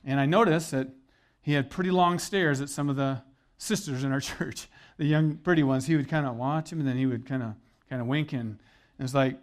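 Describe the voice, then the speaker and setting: A man's voice: medium pitch, fairly quick. A middle-aged man preaching a sermon as pastor, conversational and earnest with joking asides.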